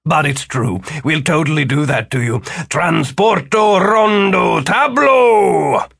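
A man voicing a calm, kindly male wizard mentor who reassures and jokes dryly. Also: medium pitch, normal speed, gravelly, slightly rough, pitched above the performer's own voice. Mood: playful.

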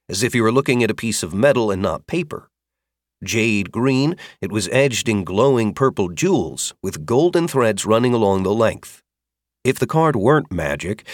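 A man narrating an audiobook fantasy chapter with expressive, varied storytelling. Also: fairly low pitch, no room sound, clean studio sound. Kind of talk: scripted narration.

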